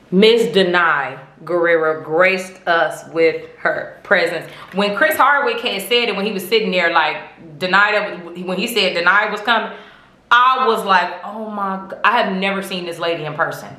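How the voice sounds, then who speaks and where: A woman hosting a podcast, telling stories in an animated, chatty way full of slang and swearing. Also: fairly low pitch, reverberant. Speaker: podcast host. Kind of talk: casual fan chat.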